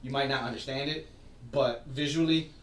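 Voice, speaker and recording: A man's voice: mid-range voice, fairly even intonation, moderate pace, far from the mic, crowd noise. A man co-hosting a podcast, chatting casually and animatedly as he retells a story and acts out the quotes. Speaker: podcast co-host. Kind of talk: casual wrestling chat. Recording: roomy, off-mic with faint ambience.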